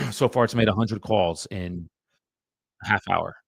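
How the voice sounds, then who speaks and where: A man's voice: on the low side, animated, unhurried, vocal fry, breathy edge, no echo. A man, a real estate agent chatting bluntly and with some profanity to live-stream viewers while his dialer runs. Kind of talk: casual live-stream chat.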